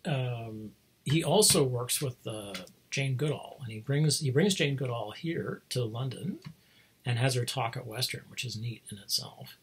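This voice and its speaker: A man's voice: mid-range voice, breathy edge. A man telling a long, meandering story in a casual, self-deprecating way, chuckling often and losing his thread. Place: home, speaking remotely.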